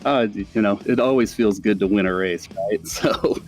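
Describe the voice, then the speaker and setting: A man who has just won the race, answering interview questions hesitantly and pausing on frequent filler words. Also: lowish voice, soft background music. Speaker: winning race driver.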